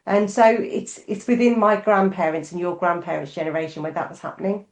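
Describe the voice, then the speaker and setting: Brisk and a little mellow, a lowish female voice belongs to a middle-aged podcast co-host in a relaxed chat. She's candid and reflective, leaning on frequent fillers, and the room's echo is audible in the recording.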